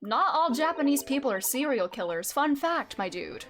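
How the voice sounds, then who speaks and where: A woman's voice: high voice, big pitch swings, normal speed, hardly any pauses, music in the background. A young woman streaming a game, chatting casually with wry, giggly asides. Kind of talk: casual gameplay commentary, reading game text aloud.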